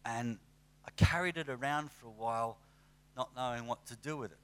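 Lively conversational male preacher. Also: medium pitch, moderate pace, clean tone. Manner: conversational, animated with acted asides. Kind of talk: sermon.

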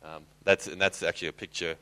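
A man, giving an informal slide presentation in a halting way, with many fillers. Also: sits low, level tone, sharp tone, poor audio.

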